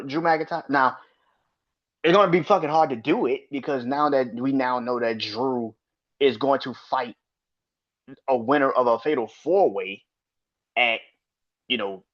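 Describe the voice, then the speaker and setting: Blunt, profane man ranting on a podcast. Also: medium pitch. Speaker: podcast host. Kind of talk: casual wrestling commentary podcast. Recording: slightly dull lo-fi audio.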